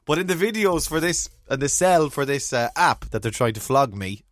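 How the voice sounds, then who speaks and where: A man, a podcast co-host chatting casually, telling lively stories, often laughing and acting out his own texts. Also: fairly high pitch, moderate pace, no room sound, studio quality. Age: 30s. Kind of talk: casual chat.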